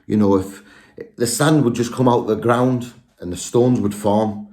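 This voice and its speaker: A man's voice: fairly low pitch, normal speed, a little mellow. A man speaking to viewers in a casual, rambling monologue, earnest and often restarting his sentences. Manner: rambling, self-correcting, earnest. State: out of breath. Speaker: spiritual video speaker.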